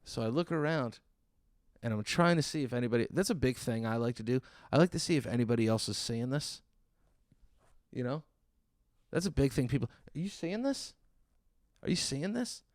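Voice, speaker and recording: A man's voice: medium pitch, brisk, pauses often, darkish tone, no echo, clean studio sound. Exasperated man telling a story. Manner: exasperated, sarcastic retelling with acted-out quotes. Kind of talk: stand-up storytelling.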